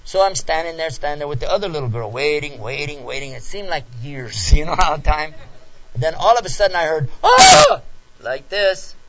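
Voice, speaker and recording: A man with a somewhat high voice tells a personal story during a talk, animated and playing out the scenes as he goes. The recording is dull and lo-fi. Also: fairly quick. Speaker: lecturer answering questions.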